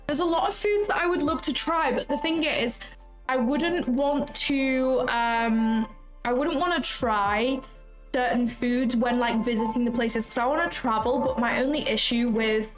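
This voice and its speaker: A young woman with a slightly high voice hosts a casual trading livestream at a measured pace, reading viewer comments aloud over faint background music. She's chatty and effusive, filling her speech with "like" and "um."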